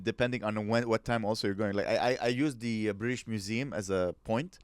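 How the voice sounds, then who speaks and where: A man's voice: fairly low pitch, a little fast, smooth, no echo. A man co-hosting a podcast, teasing and joking with his co-host in casual chat. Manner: teasing, lively.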